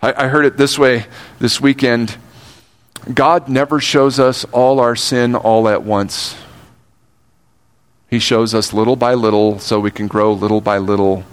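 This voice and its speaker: Older pastor preaching earnestly. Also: male voice, mid-range voice, steady tone. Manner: earnest, shifts between slow emphatic phrasing and quick asides. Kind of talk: sermon.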